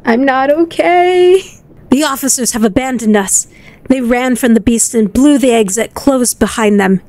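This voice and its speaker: A woman's voice: on the high side, normal speed, darkish tone, lightly acted. A woman voicing a male French soldier, reading his grim diary notes aloud in a put-on French accent. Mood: bitter solemn.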